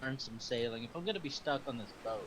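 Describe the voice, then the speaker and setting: A man's voice: medium pitch, quick pace. A man playing a tabletop game, talking casually and plainly about his character's plans. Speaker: player. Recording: noisy home recording.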